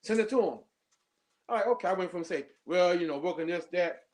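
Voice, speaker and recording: Male poet, high voice, animated storyteller, casual. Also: a little fast. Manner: animated storyteller, acts out quotes. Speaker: poet, workshop student. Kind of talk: casual chat.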